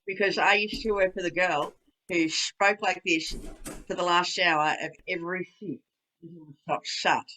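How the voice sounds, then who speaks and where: Woman, comedy co-host, teasing, crisp bright tone, slight noise behind. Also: on the low side, steady tone, rough recording. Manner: teasing quick comebacks. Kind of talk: live comedy panel banter.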